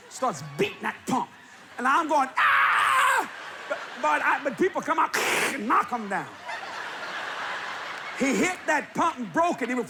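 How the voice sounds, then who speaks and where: A man preaching, telling a funny story with laughter and bursts of shouting. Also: very high voice. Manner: animated, laughing while telling, shouting at peaks. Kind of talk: humorous storytelling sermon. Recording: live audience with crowd noise.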